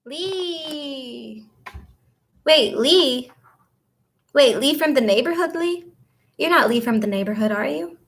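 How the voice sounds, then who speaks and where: Woman vlogger, slightly high voice, loose casual chat, answers viewers while tidying up. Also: expressive, moderate pace, pauses often. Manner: chatty, rambling, answers viewer comments. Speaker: vlogger and spiritual coach.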